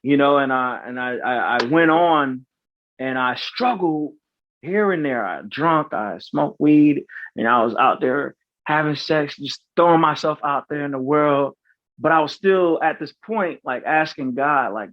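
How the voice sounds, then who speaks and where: Podcast guest, male, 30s. Earnest and halting, lots of restarts. Dry, slightly muffled mic sound. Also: on the high side, animated, dry recording. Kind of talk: personal storytelling in interview. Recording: slightly dull, dry recording.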